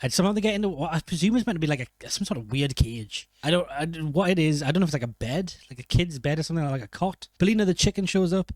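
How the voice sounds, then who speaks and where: A film reviewer rambles and jokes through casual commentary, often correcting himself mid-sentence. His slightly high, animated voice comes rapid-fire with hardly any pauses, and there's no room sound.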